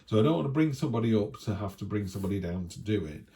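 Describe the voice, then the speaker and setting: A man with a deep, mellow voice talks through a weekly tarot reading in a loose, chatty way. He wanders off into asides and keeps checking in with a quick question to the listener, recorded at home. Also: animated. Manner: chatty, rambling, with tag questions. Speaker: tarot reader.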